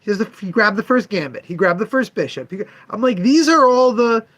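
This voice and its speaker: Speaking briskly to viewers he knows, a man with a fairly high voice tells a loose, chatty story from his comic shop. He animatedly acts out both sides of a haggle with a customer, his pitch swinging widely.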